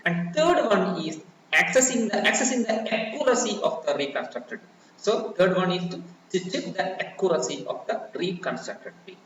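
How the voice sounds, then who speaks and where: A man teaches from his slides, circling back over his own phrases with plenty of fillers. His voice sits a little high and sounds far from the mic. The recording is very echoey and dull, with faint background noise. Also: animated, normal speed, a bit bright. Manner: repetitive, many restarts and fillers. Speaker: lecturer. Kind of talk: explaining slides in a recorded lecture.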